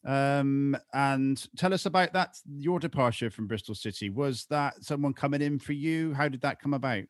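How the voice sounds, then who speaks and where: A man's voice: mid-range voice, normal speed, no echo, clean studio sound. A man hosting an interview, asking questions with frequent fillers. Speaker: podcast host.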